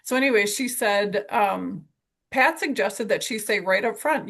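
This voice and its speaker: A woman runs a weekly sales team call, recapping a coaching session in an upbeat, enthusiastic and encouraging way. Her mid-range voice is fairly bright and moves a little slowly.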